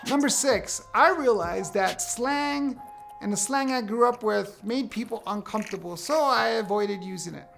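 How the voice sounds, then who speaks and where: A man in his fifties from the United States, talking candidly to camera with wry, animated storytelling. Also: sits high, vocal fry. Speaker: vlogger sharing a personal list. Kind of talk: casual talk to camera.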